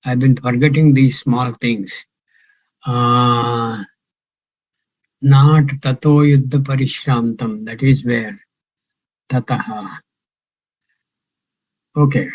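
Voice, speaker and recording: A man's voice: mid-range voice, takes it slowly, long pauses, phone-quality sound. An older man teaching a scripture class, talking in a musing way and quizzing his students. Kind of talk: scripture class, question and answer.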